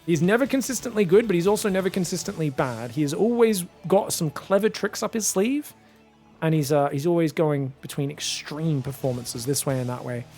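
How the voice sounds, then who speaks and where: A man casting a video game match on his own, chatty and excitable, often laughing and restarting his sentences. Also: on the high side, a little fast, soft background music. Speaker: esports caster. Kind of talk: solo game commentary.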